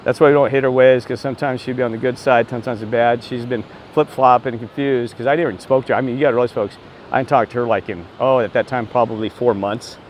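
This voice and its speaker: Excitable rambling man talking outdoors near traffic. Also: mid-range voice, fast. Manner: excitable, meandering, repeats exclamations of disbelief. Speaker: self-described street minister. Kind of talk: rambling casual vlog storytelling.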